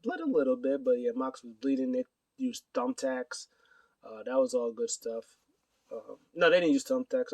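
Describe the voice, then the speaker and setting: A man's voice: medium pitch, a little mellow, no echo, far from the mic. A man casually recapping wrestling news to his camera, rambling with many fillers and acting out quotes. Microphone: camera mic.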